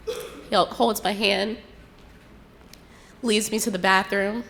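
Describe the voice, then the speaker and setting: Woman calmly recounting a personal story. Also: medium pitch, creaky. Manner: unhurried, reflective retelling with quoted dialogue.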